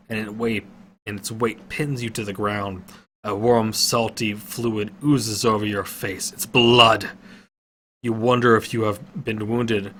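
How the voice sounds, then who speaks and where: A man reading an adventure story aloud, steady with occasional slips and self-corrections. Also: lowish voice, a little hiss or hum.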